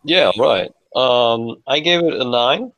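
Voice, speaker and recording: A man on a podcast panel, chatting casually and thoughtfully with many fillers and pauses. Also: medium pitch, fairly bright tone, no room sound. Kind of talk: casual chat. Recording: dull dry sound.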